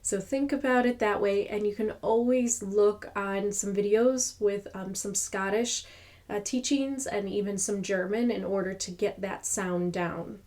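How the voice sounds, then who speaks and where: A woman teaching pronunciation, repeating each sound slowly to demonstrate it. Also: medium pitch, fairly even intonation, darkish tone. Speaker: language teacher. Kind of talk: slow pronunciation lesson.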